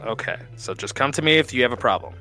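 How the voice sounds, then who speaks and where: Man player, mid pitch, casual and reassuring, lots of fillers, faint music behind. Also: lively intonation, fast talker, sharp tone. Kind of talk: casual in-character tabletop play.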